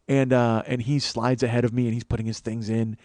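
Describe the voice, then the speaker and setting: A man's voice: mid-range voice, little pitch movement, a little fast, a little mellow, dry recording. A man, a comedian and podcast host, telling a profane, exasperated comic story.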